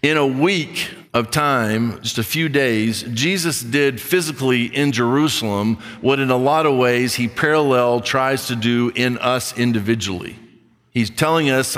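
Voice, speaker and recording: A man's voice: medium pitch, a little slow, fairly bright tone, big-room sound. A man preaching a conversational sermon as a pastor, reading scripture and acting out the voices of his listeners.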